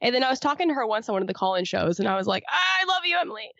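A congested woman with a deep, sultry voice chatting as a podcast guest, frank and laid-back. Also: animated, racing, dry recording, muffled recording. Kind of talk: casual podcast chat.

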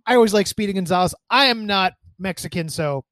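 A man's voice: high voice, fairly quick, fairly bright tone, no room sound, clean studio sound. A man co-hosting a podcast, reading listener mail and rambling with hesitant fillers. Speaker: podcast co-host.

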